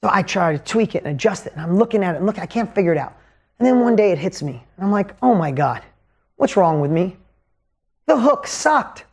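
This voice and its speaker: A man in his fifties telling a business story as a motivational coach, energetic and emphatic, his pitch swinging widely to drive points home. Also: fast, slightly rough.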